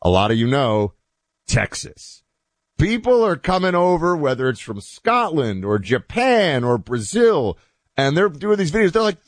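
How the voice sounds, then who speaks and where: A man hosting a talk show, chatting in a loose, animated monologue with asides that trail off quietly. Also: mid-range voice, moderate pace, no echo. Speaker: host.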